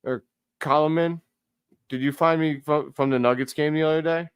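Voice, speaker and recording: Excitable man calling a game. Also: a little high, normal speed, smooth, dry recording, clean studio sound. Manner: excitable fan, talks to chat. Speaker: live stream host. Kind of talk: casual play-by-play commentary.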